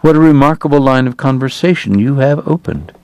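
A male narrator voicing a tired, genteel young gentleman, courtly and dryly witty, slightly breathless. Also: medium pitch, expressive, brisk, dry recording, pitched above the performer's own voice, natural voice. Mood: wry.

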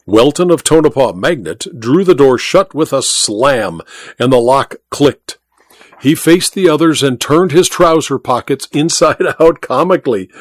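A man tells a story in a measured, expressive audiobook reading. His pitch moves with lively animation while the tone stays mid-range. The recording is close and dry with no room sound. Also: no room sound. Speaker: audiobook narrator. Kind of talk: scripted narration.

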